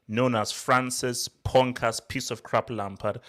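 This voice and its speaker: A man co-hosting a casual football podcast, ranting loudly and excitably, repeating himself. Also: medium pitch, unhurried. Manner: loud, excitable, repetitive ranting. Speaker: podcast co-host. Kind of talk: heated casual football chat.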